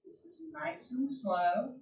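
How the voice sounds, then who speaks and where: Slow, calm woman yoga instructor. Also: sits high. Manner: slow, calm, gentle cueing with long pauses. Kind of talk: guided yoga class instruction. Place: home or studio room, livestream. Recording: roomy, distant, dull livestream audio.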